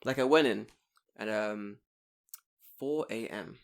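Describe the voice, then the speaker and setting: A man's voice: fairly low pitch, takes it slowly, vocal fry. A man co-hosting a casual podcast, swearing freely and acting out his own thoughts while he tells stories. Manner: animated, swearing, storytelling with acted-out inner voices. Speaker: podcast co-host. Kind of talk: casual chat.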